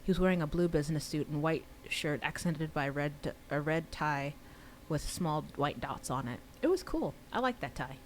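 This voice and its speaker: A woman reading her own novel aloud on a livestream, pausing for casual chatty asides. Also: deep voice, steady tone, slight background noise.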